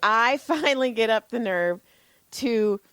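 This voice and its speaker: A woman co-hosting a podcast who tells stories in a casual, animated way, laughing often and swearing freely. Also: on the high side, measured pace, clean tone, no room sound. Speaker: podcast co-host. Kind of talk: casual chat.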